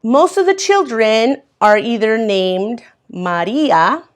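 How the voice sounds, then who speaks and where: Slow, patient woman teaching English. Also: a little high, expressive. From Mexico. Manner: patient, explains words step by step. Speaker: English as a second language teacher. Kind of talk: reading and explaining a textbook lesson.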